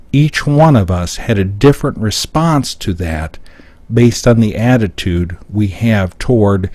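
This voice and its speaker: Walking through the points on a screen step by step, a middle-aged man from the United States gives an explanatory live seminar talk. His voice is on the low side and a bit mellow, recorded with no room sound.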